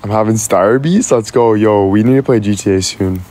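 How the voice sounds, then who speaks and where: A man's voice: lowish voice, mellow. A man chatting live with his viewers, teasing and joking, laughing often and thanking people by name. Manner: teasing, playful, quick to laugh. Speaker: live streamer. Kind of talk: casual live-stream chat with viewers.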